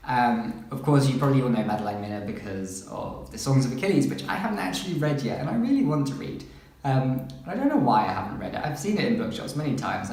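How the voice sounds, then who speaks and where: A man's voice: mid-range voice, a little mellow. A man chatting casually as a book vlogger, rambling through the books he is looking forward to and reading their synopses aloud. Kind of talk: casual chat about upcoming books. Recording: very echoey room.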